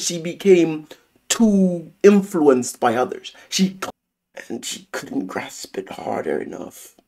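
A man's voice: mid-range voice, a little mellow, breathy edge. A man giving a casual, theatrical spoiler review of a series, swearing freely as he talks.

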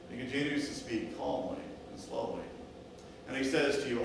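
A man preaching a sermon as pastor, telling a story and acting out the voices of an injured sheep and a calm shepherd. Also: mid-range voice, normal speed, creaky. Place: church sanctuary. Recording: echoey church, distant mic, noisy.

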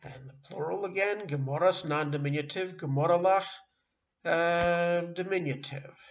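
A middle-aged man teaching a beginner language lesson online, halting often with fillers and restarting words. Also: fairly high pitch, lo-fi sound. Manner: halting, with frequent uh and self-corrections. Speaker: Yiddish teacher.

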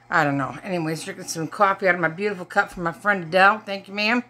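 A woman's voice: lowish voice, steady tone, fast, few pauses, sharp tone. A middle-aged woman from Michigan, chatting casually through a shopping haul and cracking jokes to her viewers. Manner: chatty, joking asides to viewers. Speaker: haul vlogger. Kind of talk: casual haul chat to camera.

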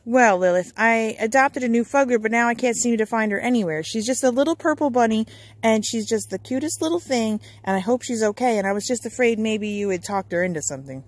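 A woman narrating and acting out a toy-play story in an expressive, worried way, with frequent gasps. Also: a little high, fairly quick.

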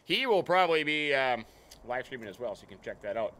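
Lively-voiced male game streamer, chatty host who greets viewers by name. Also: medium pitch, fast. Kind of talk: casual let's-play commentary.

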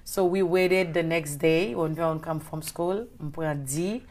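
A woman in her forties with a Haitian accent, a guest recounting a personal story with lively quoted dialogue, mixing Creole and English. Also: low voice, measured pace. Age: 40s. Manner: switches between Creole and English, acts out quotes.

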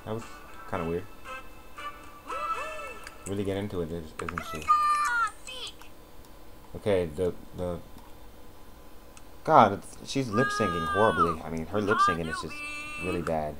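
A man's voice: deep voice, normal speed, pauses often, over loud music. A man giving casual gameplay commentary, sarcastic and swearing as he talks at the game characters, at a desk mic. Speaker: let's play commentator. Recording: noisy home recording with keyboard clicks.

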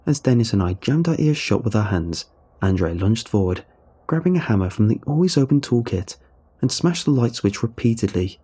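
A man narrating a horror story in a measured, grave storytelling manner. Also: mid-range voice, lively intonation, dark tone, husky.

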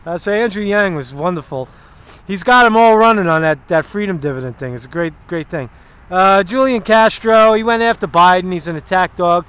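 This political vlogger has a high-pitched, slightly bright voice and talks at normal speed. Out walking through a park, he rambles through profane political commentary peppered with sarcasm.

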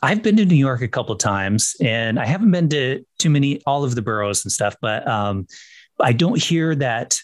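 A man's voice: medium pitch, lively intonation, moderate pace. A man hosting a casual interview podcast, asking chatty, rambling questions with frequent restarts. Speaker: podcast host.

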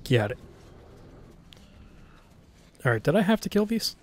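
A man's voice: high voice, big pitch swings, measured pace. A man giving casual live commentary on his own gameplay, talking to himself nervously and swearing as he reacts. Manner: nervous self-talk, frequent swearing, reacting aloud to the game. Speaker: let's play gamer.

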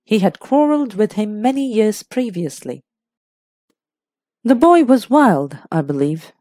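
A woman voicing a frank, brisk middle-aged hostess with an emphatic manner. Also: mid-range voice, very animated, warm tone, no room sound, clean studio sound.

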